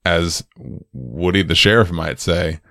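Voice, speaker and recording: A man's voice: sits low, slow pace, no room sound, clean studio sound. A man co-hosting a podcast, chatting casually and jokily about a film, with frequent laughter. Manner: animated, jokey, laughs a lot. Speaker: podcast co-host.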